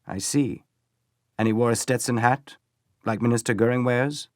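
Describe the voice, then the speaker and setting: A man voicing a calm, courteous and methodical police inspector in an audiobook. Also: mid-range voice, moderate pace, dry recording, studio quality, pitched above the performer's own voice, lightly acted. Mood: deliberate.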